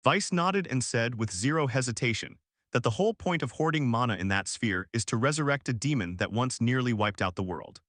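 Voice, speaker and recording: Lively man narrating a story recap. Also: mid-range voice, no room sound, studio quality. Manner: punchy, slangy retelling with quick restarts.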